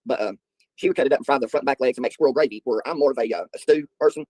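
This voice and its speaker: A man's voice: mid-range voice, rapid-fire, darkish tone, slightly rough, dry recording, low-quality recording. A middle-aged man, hosting a livestream and chatting with viewers in a rambling, folksy way. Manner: rambling, folksy storytelling with filler ums. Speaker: livestream host. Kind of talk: casual chat answering viewers.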